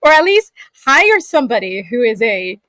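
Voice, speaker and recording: A woman's voice: a little high, normal speed, no room sound. A woman voice actor who grew up between California, Saudi Arabia and Scotland, telling stories expressively in a casual interview. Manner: expressive storyteller, laughs often. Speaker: voice actor guest.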